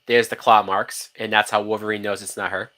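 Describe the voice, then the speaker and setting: An excitable man talks through a film as it plays, swearing freely and breaking into laughter. He jumps between thoughts and restarts his sentences, in loose, chatty commentary. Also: lowish voice, brisk. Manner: animated, profane, laughs often, many restarts. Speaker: movie reaction host. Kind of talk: casual live-watch movie commentary.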